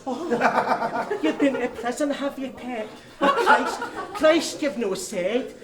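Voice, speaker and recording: A man putting on a sarcastic, mock-sweet Scottish mother, in an echoey hall with a loud crowd. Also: high voice, takes it slowly, recorded from a distance. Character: fussy Scottish mother, fond and mocking.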